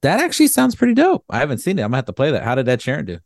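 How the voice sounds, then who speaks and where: A man co-hosting a casual podcast chat, tossing in quick joking asides. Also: medium pitch, wildly swooping pitch, vocal fry, a little mellow, no room sound, studio quality. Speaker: podcast co-host.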